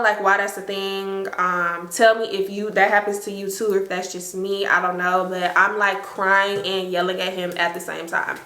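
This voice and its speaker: A young woman, telling an animated, slangy storytime to her viewers. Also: medium pitch, roomy sound. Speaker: storytime vlogger. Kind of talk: casual storytime.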